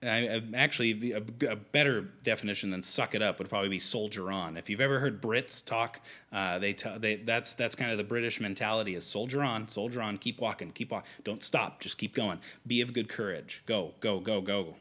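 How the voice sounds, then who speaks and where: A man's voice: fairly low pitch, brisk, hardly any pauses, bright, forceful tone. A man preaching a sermon in a conversational way, often restarting his sentences. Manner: conversational, with frequent restarts and fillers.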